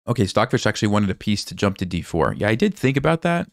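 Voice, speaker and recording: Low-pitched male chess coach, voice going hoarse; easygoing play-by-play, dry close mic. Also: normal speed, pauses often, no echo. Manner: relaxed, thinks aloud, asks viewers questions. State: hoarse, losing his voice, coughing. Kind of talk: casual live game commentary.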